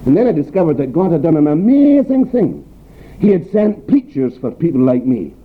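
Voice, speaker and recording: A man's voice: a little high, huge pitch swings, normal speed, breathy edge. An older man with a broad Scottish accent preaching a sermon, earnest and direct, with pointed rhetorical questions and homely stories. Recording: tinny phone-like recording with faint background noise.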